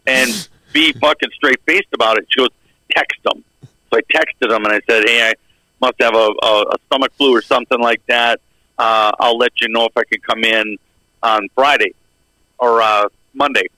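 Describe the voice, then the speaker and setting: A man's voice: mid-range voice, normal speed, bright, forceful tone, no echo, poor audio. A middle-aged man on a podcast telling a long story in a casual, rambling way, acting out the lines of the people in it. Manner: rambling, acts out quoted dialogue. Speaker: podcast co-host.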